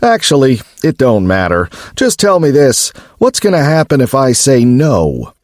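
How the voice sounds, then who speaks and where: A man's voice: medium pitch, huge pitch swings, unhurried, darkish tone, dry recording, studio quality, pitched above the performer's own voice. A man voicing a cocky, heavily armored male base leader who talks in a mocking, folksy drawl.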